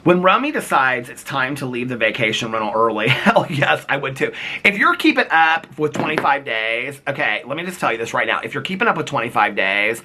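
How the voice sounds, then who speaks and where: A man chatting casually in a vlog, animated and playful, laughing often, recorded outdoors in the cold. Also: mid-range voice, fairly quick, slight background noise. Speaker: vlogger.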